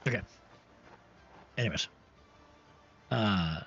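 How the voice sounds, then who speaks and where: A man's voice: lowish voice, normal speed, a little hiss or hum. A man narrating as game master for a tabletop game, hesitant with many fillers and restarts. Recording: dull lo-fi stream audio with faint ambience.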